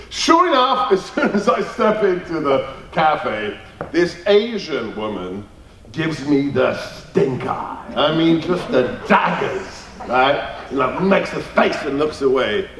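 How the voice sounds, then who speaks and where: A man's voice: fairly high pitch, big pitch swings, slow, a bit bright. A man giving an emphatic rally speech to a party meeting, telling jokey anecdotes. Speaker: guest speaker at a party meeting. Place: meeting hall. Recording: roomy hall, distant mic.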